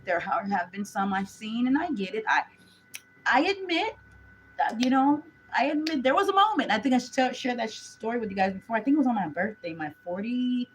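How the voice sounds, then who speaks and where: A woman's voice: a little high, lively intonation, brisk, slight background noise, rough recording. A woman gives a chatty live tarot reading, talking straight to her viewers. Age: 40s. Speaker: tarot reader.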